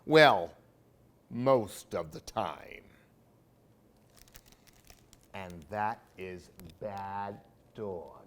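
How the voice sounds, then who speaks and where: A man's voice: deep voice, expressive, very slow, fairly bright tone, a little hiss or hum. A man reading picture books aloud for children, with playful asides to young listeners. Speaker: library storytime reader.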